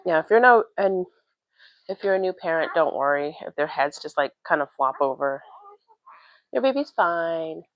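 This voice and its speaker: A woman's voice: low voice, lively intonation, normal speed, no echo, muffled recording. A young woman vlogging from home in a casual livestream, chatting about parenting with lots of "like" fillers. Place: home, doing chores. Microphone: livestream mic.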